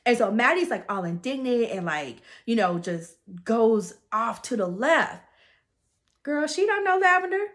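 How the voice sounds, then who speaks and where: A woman's voice: fairly high pitch, big pitch swings, a little slow, fairly bright tone. A woman recapping a story in a chatty, gossipy way, leaning on fillers. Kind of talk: casual plot recap.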